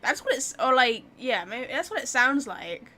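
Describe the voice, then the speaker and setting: A woman's voice: high voice, big pitch swings, moderate pace, sharp tone. Chatty woman commenting on a game. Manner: chatty, leans on "like", sarcastic asides. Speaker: gamer commentating while playing.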